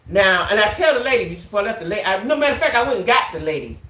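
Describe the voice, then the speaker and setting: A woman tells a story to her viewers in an animated, casual way, often checking in with a quick "right?". Her voice is bright and forward, and the room around her echoes. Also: medium pitch. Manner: animated, tags lines with "right?". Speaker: vlogger.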